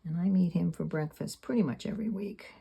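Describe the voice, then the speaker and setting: A woman's voice: fairly low pitch, a little fast, creaky, slightly rough, highs cut off. A woman in her seventies talking candidly and rambling a little as she paints in her sketchbook. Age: 70s. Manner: rambling, candid, self-deprecating. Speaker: sketchbook artist. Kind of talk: casual reflective talk while painting.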